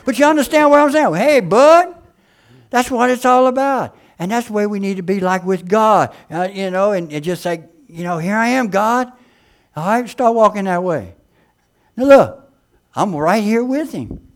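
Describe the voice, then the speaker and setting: A man preaching a sermon in a folksy, fervent way. His voice sits a little high for a man, and he drops to quiet asides before rising to loud exclamations. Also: normal speed.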